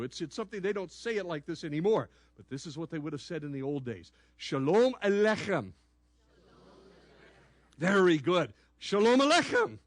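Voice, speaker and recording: High-voiced animated male pastor. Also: no room sound. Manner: animated, playful, asks the audience questions. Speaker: pastor and law enforcement chaplain. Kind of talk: sermon with call-and-response teaching. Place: church sanctuary.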